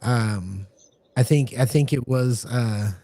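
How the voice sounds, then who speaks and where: A man's voice: mid-range voice, slow, dark tone, no echo. A man co-hosting a casual podcast as game master, rambling with many restarts. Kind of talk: casual chat.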